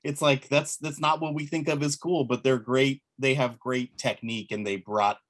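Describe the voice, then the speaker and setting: A man with an average-pitched voice muses at length in casual podcast talk. He wanders through his thoughts and swears now and then. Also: steady tone, moderate pace, a bit bright. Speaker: podcast co-host. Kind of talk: casual chat.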